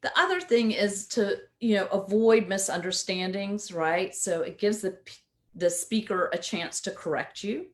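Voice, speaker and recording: A woman's voice: mid-range voice, animated, a little slow. A woman coach giving a casual instructional talk in a conversational way, often checking in with "right?".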